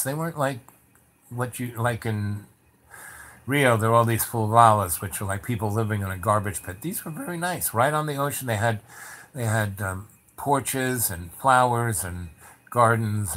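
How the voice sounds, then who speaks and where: A man telling a long anecdote in a loose, rambling way, with many fillers and restarts and lively bits where he acts out the people in it. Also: medium pitch. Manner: animated, acts out the voices of people in the story. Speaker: storyteller. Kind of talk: casual spoken anecdote.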